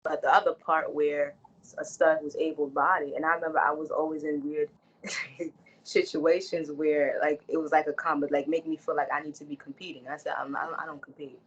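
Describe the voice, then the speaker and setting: A woman's voice: low-pitched, level tone, moderate pace, husky. A woman giving a frank, earnest interview, talking casually and often restarting her sentences. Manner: earnest and frank, with frequent restarts and repeated phrases. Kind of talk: candid conversational interview. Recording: dull lo-fi recording.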